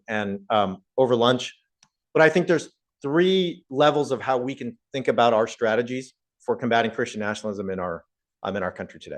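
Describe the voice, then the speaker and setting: A man and professor giving a conversational public talk to a live audience, often putting questions to the listeners. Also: mid-range voice. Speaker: guest speaker, professor.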